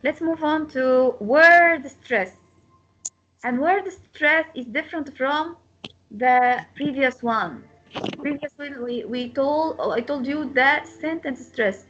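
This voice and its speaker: A woman teaching an English lesson, repeating words slowly to model their pronunciation. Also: sits high, a bit bright, soft background music. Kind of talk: classroom lecture. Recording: slightly dull lo-fi sound.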